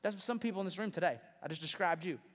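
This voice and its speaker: Long reverb from a large hall surrounds this man's fast, high-pitched preaching. As pastor in a big church auditorium, he gives an emphatic, conversational sermon peppered with rhetorical questions.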